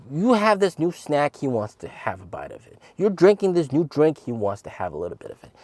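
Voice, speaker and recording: A man in his thirties tells a funny family story straight to camera, his pitch swinging widely as he goes. He slips into high, squeaky voices to quote the people in it. The sound is close and dry. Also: no echo. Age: 30s. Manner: animated, acts out quotes in a high voice. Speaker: channel host.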